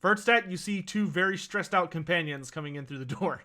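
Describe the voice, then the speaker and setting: Bright-voiced man as game master. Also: sits high, fairly quick. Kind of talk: narrating a tabletop game.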